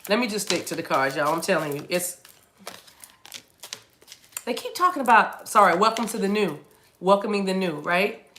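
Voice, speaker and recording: This tarot reader talks to camera at a normal speed, her medium-pitched voice animated and fairly bright, with frequent pauses and a little hiss or hum underneath. Her reading rambles casually; she keeps restarting sentences, chats playfully, laughs, and puts on silly voices.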